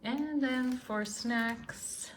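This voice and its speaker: A middle-aged woman hosts a casual grocery haul vlog, chatting in an unhurried way with many ums and uhs. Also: fairly high pitch, heavy background noise. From Canada. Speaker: host.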